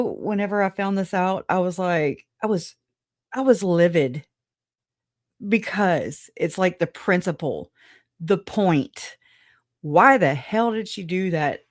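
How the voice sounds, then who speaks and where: A chatty woman runs a casual livestream, greeting her viewers one by one. She speaks slowly and frankly, with frequent laughs and a note of exasperation. The sound is dry, with no room echo. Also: fairly low pitch. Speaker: livestream host.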